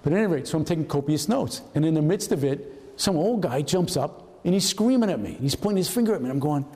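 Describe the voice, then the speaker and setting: A man in his seventies tells stories from his career to an audience, slipping into the voices of the people he describes. His voice sits a little high but sounds warm and gravelly. The long reverb of a hall trails behind every line. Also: quick pace. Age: 70s. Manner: lively storyteller who acts out quoted voices. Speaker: retired FBI agent guest speaker. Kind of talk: anecdotal storytelling talk. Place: hall at a historical society event.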